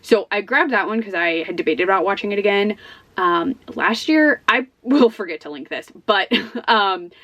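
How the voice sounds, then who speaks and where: A woman's voice: mid-range voice, animated, moderate pace, a bit bright, dull audio. A stressed woman rambling to her camera in a casual book vlog. She talks in loose, self-deprecating asides, breaking into small laughs as she goes, recorded in her own office. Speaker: book vlogger.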